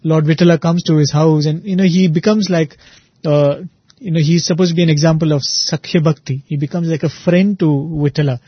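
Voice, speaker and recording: A man retelling a devotional saint story in a relaxed, conversational way, often pausing with "you know" and "uh". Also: fairly high pitch, breathy edge, no room sound, lo-fi sound. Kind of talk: spiritual storytelling talk.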